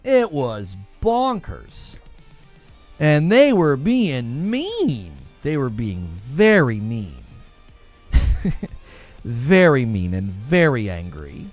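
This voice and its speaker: A young man hosting a gaming livestream, chatting casually in a snarky, animated way and laughing often. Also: mid-range voice, extremely slow, soft background music.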